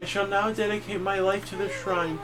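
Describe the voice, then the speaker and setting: A man voicing a feeble young female shrine priestess in an improvised high voice while reading game dialogue. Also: little pitch movement, brisk, close to an everyday voice. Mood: earnest. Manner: improvised falsetto, polite and formal. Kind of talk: let's play character reading.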